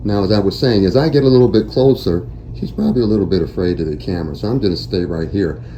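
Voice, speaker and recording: A man working as a dog trainer, explaining each step of a training session to the camera in a steady, instructive way. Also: deep voice, quick pace, muffled recording, a little hiss or hum.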